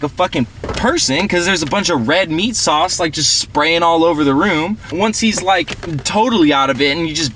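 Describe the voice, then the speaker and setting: A man's voice: on the high side, fairly bright tone, a little hiss or hum. A young man playing a party-goer who tells a long story in a rambling, profane, slangy way full of fillers. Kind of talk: casual film dialogue.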